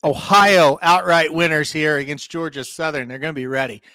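A man with a high-pitched voice hosts a casual sports betting show, breezing through picks and throwing questions to his partner. The sound is dry and close, with no room around it. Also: fairly even intonation, normal speed, sharp tone, dry recording. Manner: breezy, leads the picks and asks for co-host's take. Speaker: sports betting podcast host.

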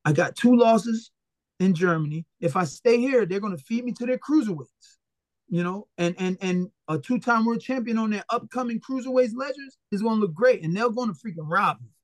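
A man's voice: sits high, brisk, no room sound. A man from Philadelphia, a retired boxer, talks casually as an interview guest, recounting stories bluntly with profanity and acting out the voices of people he quotes. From Philadelphia, USA. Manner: animated, blunt and profane, acts out quoted dialogue.

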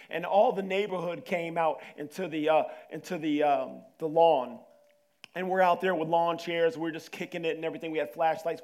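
A man delivers a sermon in a high voice, mixing storytelling with preaching. His phrasing is colloquial and animated, and he often repeats words for emphasis. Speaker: pastor.

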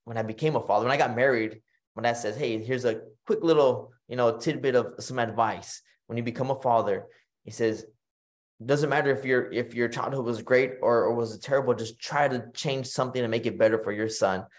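Texan man telling lively stories. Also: medium pitch, brisk. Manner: animated storytelling, acts out quoted voices, frequent fillers and restarts. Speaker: podcast guest, retired boxer. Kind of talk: storytelling in casual conversation.

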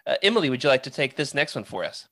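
A podcast host leading a casual chat, wry and animated, handing out turns. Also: mid-range voice, very fast, dry recording, clean studio sound.

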